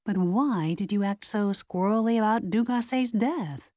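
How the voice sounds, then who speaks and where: A woman's voice: medium pitch, unhurried, a little mellow, dry recording, studio quality, voice pushed up, lightly acted. A woman voicing a nosy young woman sleuth who asks blunt questions. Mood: demanding.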